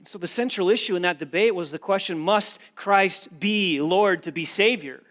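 Man, pastor, sermon, emphatic, repetitive phrasing, somewhat high pitch. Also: normal speed, fairly bright tone. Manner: earnest, emphatic preaching with repeated phrases.

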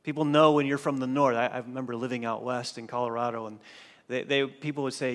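Preacher in a reverberant hall. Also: male voice, mid-range voice, fairly even intonation. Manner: dramatic swings from hushed to loud, emphatic pauses. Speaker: pastor. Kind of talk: sermon.

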